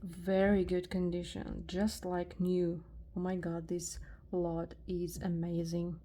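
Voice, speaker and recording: Russian-accented lady unboxing jewelry, soft and slow, mellow voice, faint room hum. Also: fairly low pitch, little pitch movement. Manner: soft-spoken, slow, marveling at finds. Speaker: jewelry reseller vlogger. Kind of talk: soft-spoken unboxing vlog.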